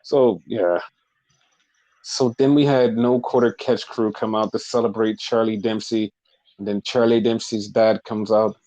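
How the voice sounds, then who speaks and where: A man's voice: on the low side, fairly even intonation, unhurried, darkish tone, poor audio. A man hosting a podcast, recapping in a blunt, profane, rambling casual chat. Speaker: podcast host.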